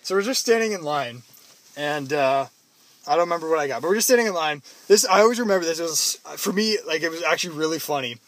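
A young Canadian man with a slightly high voice talks fast as he casually tells a friend a story. He's animated, acting out the people in it by shouting their quotes in loud put-on voices.

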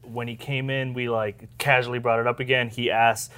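A man's voice: mid-range voice, little pitch movement, normal speed, fairly bright tone, clear, resonant tone. A young man co-hosting a casual podcast, joking, laughing, and reading out listener questions. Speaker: podcast co-host. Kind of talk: casual chat, storytelling.

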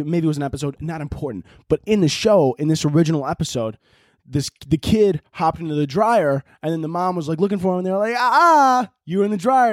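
The young podcast host, a Chicagoan with a Chicago accent, sounds a little high yet dark in tone. The studio-quality recording has no room sound as he rambles through a profane comic monologue, laughing frequently.

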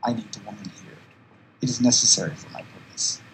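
A man voicing a calm, menacing male energy being in a low, hushed way. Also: a little fast, slight background noise, close to an everyday voice, low-quality recording.

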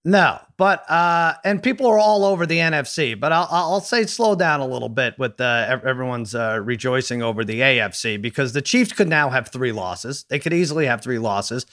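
A man's voice: mid-range voice, brisk, few pauses, fairly bright tone. A man hosting a sports talk show in easy, casual chat. He often hesitates and restarts his sentences, with frequent uh fillers.

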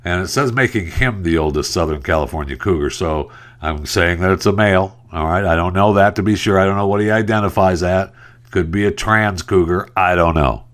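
A man's voice: low voice, brisk, a bit bright. A man hosting a podcast who rambles through a casual monologue, cracking jokes and chuckling to himself. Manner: rambling, joking, chuckling asides. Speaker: podcast host.

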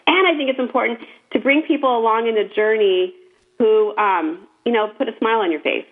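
Upbeat woman cohost, motivational, kinda high voice, tinny phone audio. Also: fairly quick. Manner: encouraging, earnest, motivational. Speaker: podcast co-host. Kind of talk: casual chat. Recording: tinny phone-line sound.

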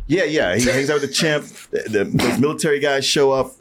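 A man's voice: medium pitch, fairly quick, a bit bright, faint music behind. A man in casual chat, retelling scenes and briefly acting out the characters. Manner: retells scenes, acting out lines in put-on voices. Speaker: podcast co-host reviewing a film.

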